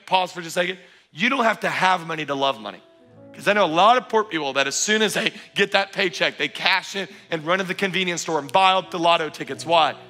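A man preaching a sermon as pastor, energetic and emphatic, often repeating phrases for stress. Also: on the high side. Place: church auditorium.

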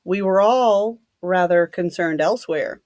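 A woman's voice: lowish voice, measured pace, a little mellow, dry recording, close to an everyday voice. A woman reading the lines of a cool, dry-spoken man in a matter-of-fact way.

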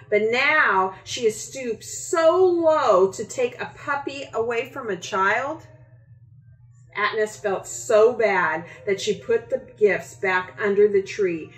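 Slow-reading woman in echoey room. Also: medium pitch. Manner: slow, expressive storytelling. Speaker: children's book author. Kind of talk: reading a picture book aloud.

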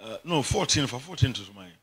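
A man's voice: medium pitch, very animated, a little fast, a bit bright. A middle-aged Ghanaian man preaching a sermon as bishop, emphatic and often breaking into laughter. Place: church chapel.

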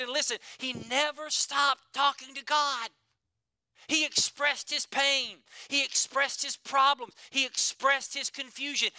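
A man preaching a sermon, building through emphatic repeated phrases and dropping at times to a hushed, quiet delivery. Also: extremely high pitch, no echo. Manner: preaching with emphatic repetition, swinging between loud and hushed. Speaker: pastor.

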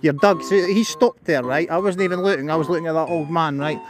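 A man's voice: a little high, brisk, over music. A Scottish man vlogging outdoors while walking his dog, blunt and sweary, giving commands. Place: outdoors on a seafront by a road.

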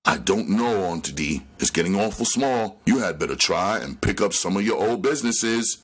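A man's voice: lowish voice, animated, normal speed, breathy edge, pitched above the performer's own voice. A man voicing a blunt woman who chides an old lady about money in a read-aloud crime novel. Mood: chiding. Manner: blunt, chiding.

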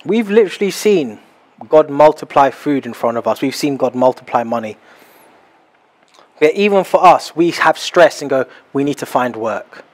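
A young man preaching a sermon in a small house church, animated and acting out little scenes as he talks. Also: a little high, normal speed. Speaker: pastor.

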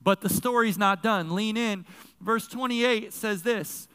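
Pastor, male, high and clear voice, laid-back animated preaching in a reverberant sanctuary. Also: measured pace. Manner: casual, animated storytelling with slang asides. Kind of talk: sermon. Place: large church sanctuary. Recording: long reverb of a large hall.

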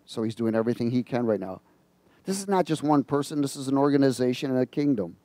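A man's voice: medium pitch, a little fast, dark tone, dry recording, studio quality. A male preacher giving a sermon, reading scripture aloud and prompting the congregation to fill in the words. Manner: reads scripture aloud and comments on it.

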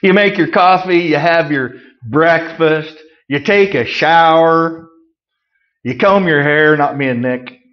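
A middle-aged man preaching a conversational sermon, folksy with joking asides, swinging from loud emphasis to quiet remarks. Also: fairly high pitch, slow pace, muffled recording. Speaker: pastor.

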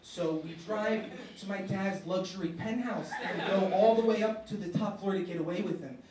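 A young man performing a stand-up set on a university stage, telling it in a halting way with many restarts. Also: high-pitched, over a noisy crowd. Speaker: stand-up comedian. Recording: echoey room, from far off.

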